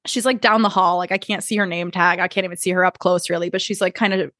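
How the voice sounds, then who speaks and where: A woman's voice: fairly low pitch, steady tone, fast talker, fairly bright tone, no room sound. Chatty woman, close dry sound. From Portuguese family heritage. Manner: chatty storyteller, heavy use of "like". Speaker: podcast co-host. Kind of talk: casual chat.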